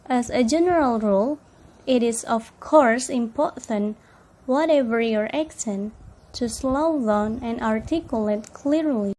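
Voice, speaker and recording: A young woman reads out a class presentation at an unhurried, measured pace. Her pitch sits a little high, but the tone is soft and mellow. Each phrase is read carefully, with short pauses in between. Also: poor audio. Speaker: student presenter.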